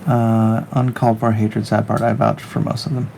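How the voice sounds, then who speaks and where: A man's voice: on the low side, level tone, normal speed, creaky, noisy background. A middle-aged man, a comic artist, chatting casually on a livestream while he draws. He rambles and jokes, reading viewer comments aloud as he goes. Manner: rambling, jokey, reads viewer chat aloud. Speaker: comic artist streaming his work.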